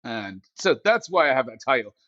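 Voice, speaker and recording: A man's voice: mid-range voice, sing-song, brisk, pushed and bright, no echo, highs cut off. A man talking as a company CEO guest in a casual interview chat, joking and self-mocking as he rambles with fillers, recorded through a headset mic built into his glasses. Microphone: glasses-frame headset mic.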